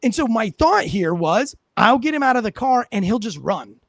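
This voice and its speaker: A man with a high voice tells a story as a former police officer, animated and swearing freely while he acts out each exchange. He sounds close and dry, with no room sound. It is casual talk-show chat. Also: moderate pace, vocal fry, no room sound. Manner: animated, profane, acts out what people said.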